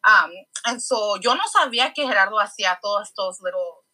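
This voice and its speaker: A young woman co-hosting a casual podcast, telling an animated story and slipping Spanish phrases into her English. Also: medium pitch, fast, low-quality recording. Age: young adult. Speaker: podcast co-host.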